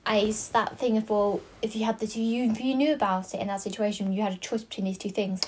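A woman's voice: medium pitch, steady tone, quick pace, a little hiss or hum. Woman musing thoughtfully about a film. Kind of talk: casual film discussion.

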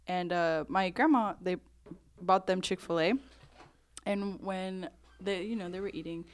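A woman's voice: on the low side, fairly even intonation, a little slow. A teenage girl in casual chat, telling rambling stories with frequent giggles. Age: teens.

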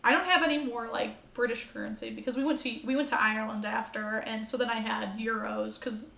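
A young American woman chatting as a podcast guest, animated and swearing freely as she acts out her own reactions. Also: a little high, fairly quick, gravelly. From United States. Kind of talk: casual chat. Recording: roomy echo.

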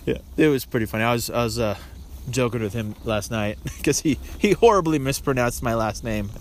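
A man's voice: mid-range voice, moderate pace, slight background noise. A man hosting a casual podcast outdoors on a ski slope, joking and laughing often. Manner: jokey, laughs often, animated. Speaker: podcast host. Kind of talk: casual chat on a ski lift.

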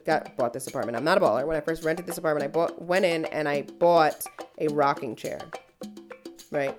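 A woman's voice: low voice, a little fast, soft background music. A woman podcast host telling a story in casual chat, swearing freely and ranting. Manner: profane, heated storytelling rant.

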